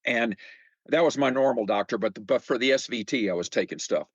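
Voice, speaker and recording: A man's voice: mid-range voice, a little fast, no room sound, highs cut off. A man in his seventies, a podcast guest, telling stories in a chatty, casual way, often repeating words and acting out quoted remarks. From United States. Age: 70s. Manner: frequent fillers and repeated words. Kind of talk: casual conversational storytelling.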